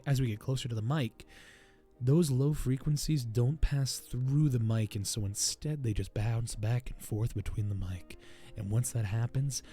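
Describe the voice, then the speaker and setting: A man's voice: mid-range voice, darkish tone, breathy edge. A man hosting a podcast in casual chat, laughing often and explaining things at length with many restarts. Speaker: podcast host.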